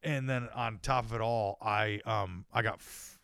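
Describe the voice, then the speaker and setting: A man's voice: fairly low pitch, steady tone, a little slow, gravelly, fairly bright tone, clear, resonant tone, dry recording. Podcast co-host, male, foul-mouthed joker, dry recording. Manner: crude, joking storyteller, laughs often. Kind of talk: casual chat.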